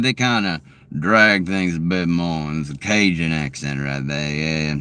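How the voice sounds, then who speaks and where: The recording is dry and clear as a streamer in his late thirties chats casually with viewers at home, meandering, restarting, filling pauses and chuckling often. His low voice moves at a measured pace, sharp yet resonant.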